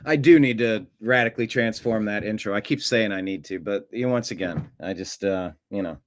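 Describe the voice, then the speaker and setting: A man's voice: on the low side, fairly quick. A man hosting a live stream, chatting casually and reading viewer comments with rambling, jokey asides. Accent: American. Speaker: show host.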